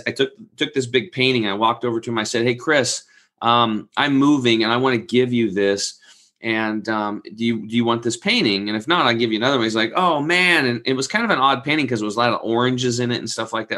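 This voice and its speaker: Forties guy telling a story, bright punchy voice, does little voices for people he quotes, swears casually. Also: mid-range voice, fast talker. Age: 40s. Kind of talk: casual podcast chat.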